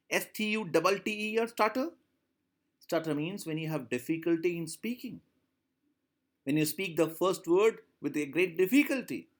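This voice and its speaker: Indian english teacher going over a story, bit high voice, really lively up and down. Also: male voice. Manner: repeats and rereads lines, asks questions. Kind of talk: classroom lesson explaining a story.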